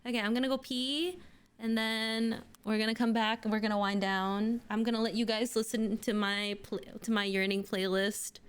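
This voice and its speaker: A woman's voice: on the high side, fairly even intonation, normal speed, smooth. A young adult woman livestreaming, chatting casually and gushing to her viewers, full of fillers. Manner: bubbly, gushing, filler-heavy. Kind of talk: casual stream chat with viewers.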